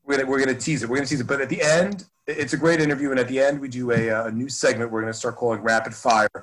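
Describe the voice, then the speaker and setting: A man co-hosts a podcast in an upbeat, chatty way. He rambles, restarts his sentences and leans on fillers. His voice is mid-pitched and ordinary. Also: fairly even intonation, rapid-fire, a bit bright, low-quality recording. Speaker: podcast co-host. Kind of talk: casual podcast chat.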